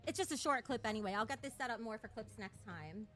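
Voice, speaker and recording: A high-voiced woman streamer whose pitch swoops widely as she rants and mocks. Her tone is bright and sharp, full of profanity and taunts. She sounds slightly out of breath. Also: expressive, quick pace, soft background music. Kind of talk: casual livestream rant.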